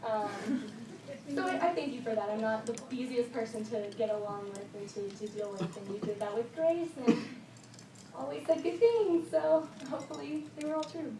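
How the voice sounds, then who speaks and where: A woman's voice: fairly high pitch, moderate pace, noisy background. A teenage girl giving a rambling, heartfelt thank-you speech at a golf banquet, full of "like" and "um". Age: teens. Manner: bubbly, rambling, lots of "like" and "um". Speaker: high school golfer giving a banquet speech. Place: banquet room. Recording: echoey room from far off with loud ambience.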